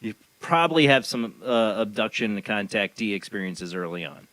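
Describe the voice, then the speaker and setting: Male radio host; sharp, low voice, dry sound; questions and brief encouragements. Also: sing-song, moderate pace, no echo, low-quality recording. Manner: asks questions and gives short supportive interjections. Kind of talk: radio talk show interview.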